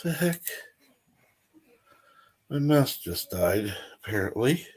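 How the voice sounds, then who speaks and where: A man's voice: medium pitch, very animated, slow pace, slightly rough. A man hosting a casual livestream from home, reading viewer comments aloud and swearing casually. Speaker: livestream host. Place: room at home.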